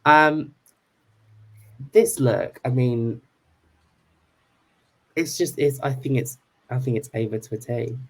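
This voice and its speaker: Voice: medium pitch, slow pace, pauses often, rough recording. A podcast co-host in casual chat, blunt and casual, swearing freely. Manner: blunt, swears casually, reads bios aloud.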